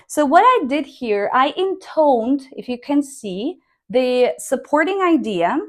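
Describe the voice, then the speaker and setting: Woman, teacher, slow deliberate delivery, fairly high voice. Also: very animated. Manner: slow, deliberate, models intonation by reading sentences aloud. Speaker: English speaking teacher. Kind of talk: online language lesson.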